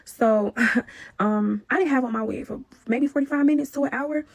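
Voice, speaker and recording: Young woman, husky voice, blunt, animated storytelling. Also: a little high, normal speed, no room sound. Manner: animated and blunt, heavy profanity. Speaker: vlogger. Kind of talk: casual storytime to camera.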